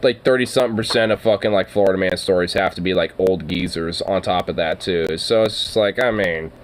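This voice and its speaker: A young adult man hosts a podcast alone, offering casual commentary in a low, brisk voice. He rambles with plenty of fillers, cursing and laughing as he goes. The recording is low quality, with slight background noise.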